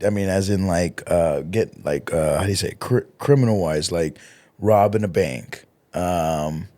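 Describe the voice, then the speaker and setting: A man's voice: deep voice, moderate pace, mellow. A man hosting a podcast in a loose, rambling way, swearing casually. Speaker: podcast host. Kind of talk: casual chat.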